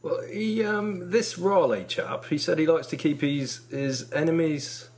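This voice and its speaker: A man's voice: fairly high pitch, measured pace, darkish tone, a little hiss or hum. A man co-hosting a casual comedy chat, answering with dry, wry one-liners. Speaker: podcast co-host.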